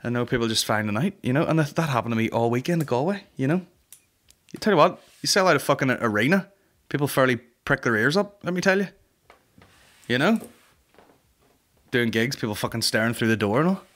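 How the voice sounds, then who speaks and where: A man's voice: medium pitch, expressive, fairly quick, pauses often, fairly bright tone. A man in his thirties hosting a comedy podcast, rambling and swearing in a boisterous casual monologue. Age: 30s. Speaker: podcast host.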